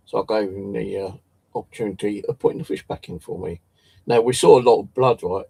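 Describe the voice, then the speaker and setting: A man's voice: on the low side, a little fast, gravelly, dark tone, breathy edge. A man telling a story in a casual, rambling way, swearing often and tripping over his words. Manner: swears a lot, restarts and stumbles. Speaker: channel host.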